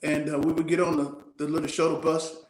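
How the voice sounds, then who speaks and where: A man's voice: a little high, brisk, roomy sound, rough recording. A man in his sixties, a retired soldier, telling stories from his childhood in an interview, acting out the voices he quotes. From United States. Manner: animated storyteller, acts out quoted voices. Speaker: retired Army Ranger guest. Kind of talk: storytelling interview.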